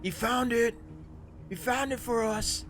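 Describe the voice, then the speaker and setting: A man voicing a brutish male bugbear henchman who shouts excitedly, heard from away from the mic. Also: very high-pitched, unhurried, pitched above the performer's own voice.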